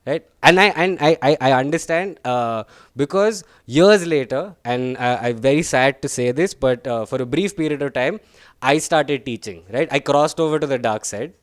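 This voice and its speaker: A man's voice: mid-range voice, moderate pace, no echo, clean studio sound. A young man doing a chatty, self-deprecating stand-up set, tagging his lines with "right?" and "guys.". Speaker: stand-up comedian.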